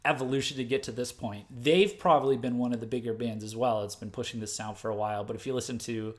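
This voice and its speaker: Brief: man from the States, livestream host, mid-pitched, loose and rambling, corrects himself on the fly. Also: steady tone, fast talker. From United States. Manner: rambling, full of fillers and self-corrections; laughs at his own mistakes. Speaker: host of a music news livestream. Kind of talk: unscripted livestream commentary.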